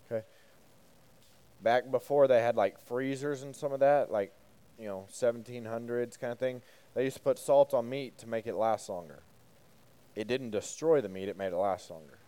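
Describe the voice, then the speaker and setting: A man's voice: mid-range voice, normal speed, mellow, clean tone. A man, a youth pastor, giving a casual sermon to a group, asking them questions and joking between points. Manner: conversational, asks the group questions, joking asides.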